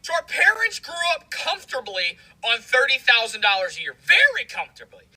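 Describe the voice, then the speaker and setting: Bright, breathy high-voiced woman. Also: very animated, brisk, poor audio. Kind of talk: social media commentary.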